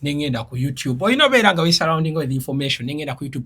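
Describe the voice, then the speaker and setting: A man's voice: fairly high pitch, racing. A man from Uganda, an interview guest telling stories and explaining words like a teacher, laughing now and then. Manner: animated storyteller, laughs while explaining. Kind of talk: casual interview chat.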